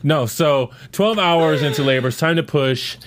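A middle-aged man in casual chat, telling a story in a rambling, animated way full of fillers and restarts. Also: on the high side, normal speed. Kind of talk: casual chat reviewing a show.

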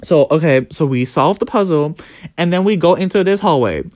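Animated young podcast storyteller. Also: mid-range voice, moderate pace, no echo, clean studio sound. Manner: animated, profane, laughing storyteller. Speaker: podcast host. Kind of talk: casual storytelling monologue.

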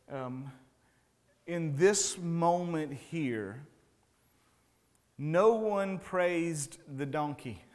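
A man preaching a relaxed, conversational sermon as a pastor and chaplain, with a self-deprecating sense of humor and lots of stammered restarts. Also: on the high side. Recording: long hall reverb.

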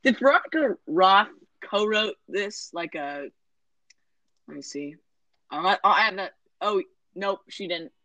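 A woman's voice: mid-range voice, expressive, slow pace, bright, forceful tone, no room sound, low-quality recording. Rambling sarcastic young woman, dry sound. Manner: rambling, self-correcting, sarcastic asides. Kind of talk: casual movie recap chat.

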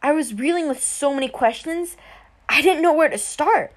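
A woman giving a first-person audiobook narration, brisk and wry. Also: high-pitched.

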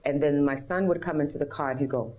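A woman speaks with a low voice. She tells her story earnestly and openly as an interview guest, and she acts out other people's words when she quotes them. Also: fast, mellow. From New York City. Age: 50s.

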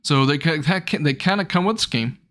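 A young man casually retelling an episode of a show in a loose, rambling way, with his voice jumping higher when something excites him. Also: brisk.

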